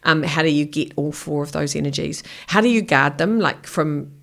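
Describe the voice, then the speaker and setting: The guest, a middle-aged author and keynote speaker, has a deep voice with vocal fry and talks at a moderate pace. She comes across blunt and energetic in this casual interview, acting out little exchanges in quotes.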